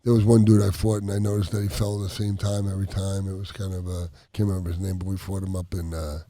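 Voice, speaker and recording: A man, a former boxer, telling rambling, halting stories as a podcast host. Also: deep voice, flat delivery, dark tone, dry recording. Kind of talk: casual storytelling chat. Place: studio with others at a table.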